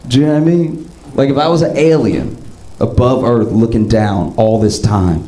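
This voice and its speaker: A male stand-up comedian telling stories with animated swings up into excited bits, on a comedy club stage. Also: moderate pace, roomy sound, slight background noise, rough recording. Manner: animated storytelling, jumps up high into excited bits.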